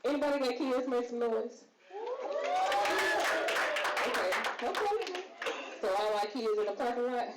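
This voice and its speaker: A woman's voice: a little high, expressive, unhurried, long pauses, heavy background noise. Brash woman doing open-mic stand-up. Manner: brash, profane, crowd-teasing; laughs through her own jokes. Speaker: stand-up comedian. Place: comedy club with a crowd. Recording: echoey room with loud crowd.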